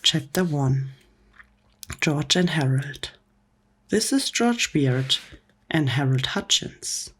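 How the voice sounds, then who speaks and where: A woman reading a comic book story aloud in a soft, gentle whispered role-play for bedtime. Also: deep voice, expressive, slow, pauses often, breathy edge. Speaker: ASMR storyteller.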